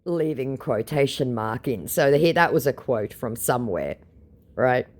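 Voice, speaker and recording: A woman's voice: very deep voice, lively intonation, measured pace, a little mellow. An Australian woman narrating chats with scammers in a sarcastic, mocking way. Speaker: scambaiter host. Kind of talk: storytelling commentary, reading out chats.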